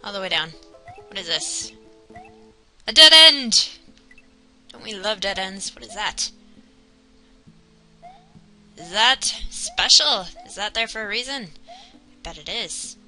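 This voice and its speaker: A young woman giving casual, excitable commentary while playing a video game, talking to herself and the game. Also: mid-range voice, a little slow, pauses often, rough recording. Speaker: let's player. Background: game music.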